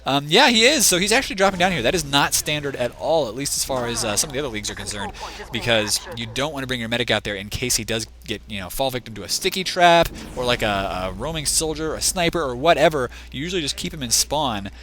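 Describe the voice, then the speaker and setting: Bright-voiced male esports caster, voice fading. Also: mid-range voice, fast talker, a little hiss or hum. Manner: rambling, restless, thinks aloud, chides the camera. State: losing his voice. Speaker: esports shoutcaster. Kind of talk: live game commentary.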